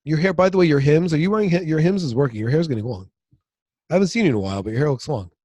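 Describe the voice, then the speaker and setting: A man's voice: on the high side, expressive, rapid-fire, a little mellow, no room sound. A middle-aged man co-hosting a podcast, rambling through family stories and acting out what people said. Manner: rambling storyteller, acts out family quotes. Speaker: podcast co-host. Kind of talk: casual chat.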